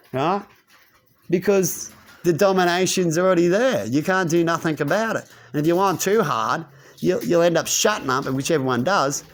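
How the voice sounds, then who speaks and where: Man, rambling rant, rhetorical tags, fairly high voice. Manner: rambling, rhetorical, keeps tagging "right?". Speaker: channel host. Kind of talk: ranting monologue to camera.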